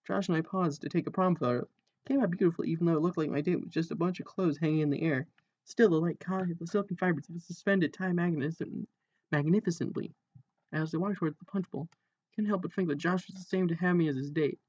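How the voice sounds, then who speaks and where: Male reader, slightly high voice, dry and amused, lo-fi home recording. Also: quick pace, a little mellow. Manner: dry, amused, breaks into laughter at jokes. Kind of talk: reading a parody book aloud with asides.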